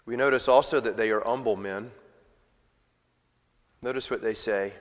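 A man preaching a sermon, swinging between loud emphatic passages and quiet, low asides. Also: normal speed. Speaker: pastor. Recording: long reverb of a large hall.

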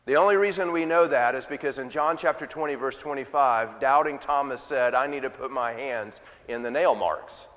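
A man's voice: on the high side, fairly bright tone. A man preaching a sermon as pastor, reading scripture and leading prayer in an earnest, emphatic way. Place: church sanctuary. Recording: long reverb of a large church hall.

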